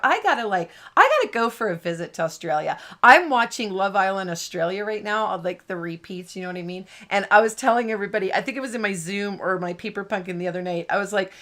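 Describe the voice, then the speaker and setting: A woman hosts a craft live stream in a bubbly, rambling way. She laughs often as she chats with viewers. Her voice sits at a middle pitch. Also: a bit bright. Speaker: host of a card-making live stream. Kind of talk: chatty live-stream banter.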